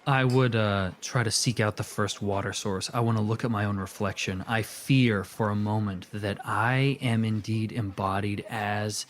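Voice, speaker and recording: A man playing a tabletop game, describing his character's actions earnestly and deliberately. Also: fairly low pitch, steady tone, a little hiss or hum. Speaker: player.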